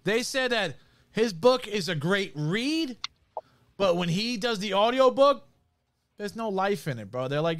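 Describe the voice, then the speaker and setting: A man with a fairly high voice, talking loose and profane on a casual podcast. He fills nearly every sentence with "bro" and "dude.". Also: very animated, measured pace, a bit bright. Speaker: podcast co-host. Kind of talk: casual chat.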